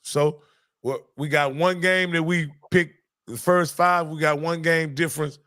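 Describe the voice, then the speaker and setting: Guy hosting a laid-back football picks chat, folksy, says coach every other line, kinda high voice. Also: fairly even intonation, unhurried, a bit bright. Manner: folksy, calls partner "Coach" often. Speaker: host. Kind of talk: casual sports picks chat.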